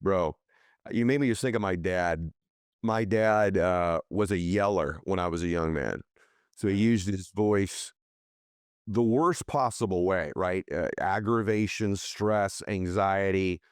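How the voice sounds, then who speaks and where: Low-voiced energetic male podcast host. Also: a little slow, clear, resonant tone, no room sound, studio quality. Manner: energetic, emphatic motivational delivery. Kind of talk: podcast interview and ad reads.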